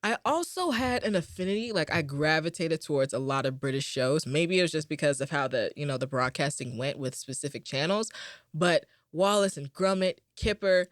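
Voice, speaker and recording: A woman's voice: sits low, animated, normal speed, no echo, clean studio sound. A young woman hosting a podcast, chatting casually in a rambling, upbeat way with lots of fillers, and a little tired. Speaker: podcast host. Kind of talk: casual chat.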